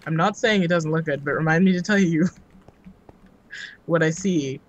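A woman's voice: low voice, normal speed, highs cut off. Sarcastic, teasing woman gamer. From United States. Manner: sarcastic, teasing, laughs often. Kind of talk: casual gaming chat.

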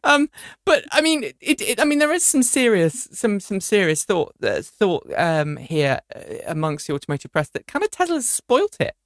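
A woman hosting a car news podcast panel, talking in a playful, animated way. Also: mid-range voice, normal speed, dry recording, clean studio sound. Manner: animated, playful, lots of restarts and laughs. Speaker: podcast host.

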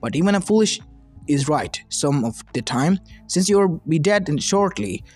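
Brief: gloating, sadistic ninja traitor read by a man, slightly high voice, lofi music under. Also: expressive, normal speed, breathy edge. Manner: mocking, gloating. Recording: soft lofi music behind.

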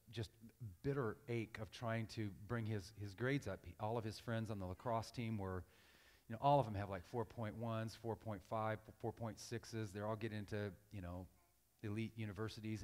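A middle-aged man preaching as a guest pastor, telling a personal story in a conversational way with frequent restarts, then building in force. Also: medium pitch. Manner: conversational storytelling, many restarts, rising louder when preaching. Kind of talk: sermon. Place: church sanctuary. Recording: reverberant hall.

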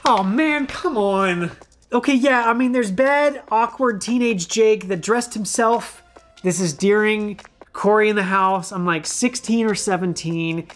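A man's voice: high-pitched, steady tone, a little slow, fairly bright tone, faint music behind. A man in his thirties, a former child actor, reviewing his old outfits in a playful, self-mocking casual vlog.

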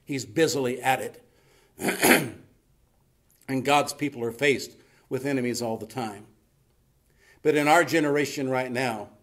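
A man preaching a sermon in a church as pastor, folksy and emphatic, often closing a thought with "you see". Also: mid-range voice. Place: church sanctuary.

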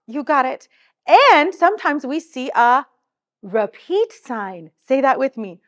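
A woman's voice: high voice, animated, a bit bright. A woman teaching a children's music lesson, upbeat and coaxing, leading call-and-response. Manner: upbeat, coaxing, slow and clearly articulated.

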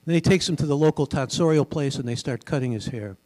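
An older man with a booming broadcaster voice, giving a genial, chatty talk as a guest speaker in a large synagogue hall, with many fillers. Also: quick pace, darkish tone. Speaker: guest speaker and radio host. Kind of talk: relaxed storytelling talk at a public event. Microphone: stage microphone.

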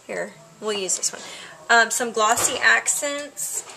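A woman chatting her way through a craft tutorial at home, relaxed, with lots of ums. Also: fairly high pitch, takes it slowly, creaky. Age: adult with a child.

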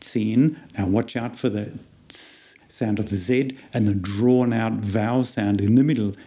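A man's voice: lowish voice, steady tone, dark tone. A man with an Australian accent, a university lecturer giving a beginner language lesson and patiently explaining each sound. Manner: patient, explains sounds step by step and repeats words slowly.

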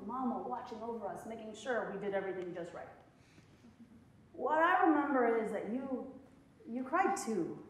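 A woman poet performing spoken word in a college hall, with rhythmic, dramatic delivery and playful laughing asides to the audience. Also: high voice. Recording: very echoey hall.

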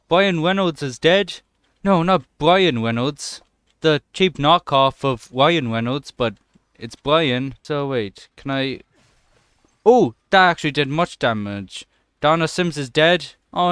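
Excitable young man, smooth voice. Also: medium pitch, no room sound, clean studio sound. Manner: excitable, swears often, jokey running commentary. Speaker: gaming channel host. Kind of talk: let's play commentary.

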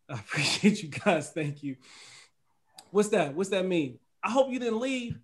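A middle-aged man from the United States hosts a casual livestream chat in a high, bright voice. He laughs often and reads viewers' comments aloud as he goes. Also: sing-song, measured pace. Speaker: host.

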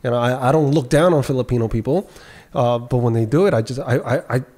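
A man hosting a casual podcast chat, asking probing questions with many halting restarts. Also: medium pitch, warm tone. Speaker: podcast host.

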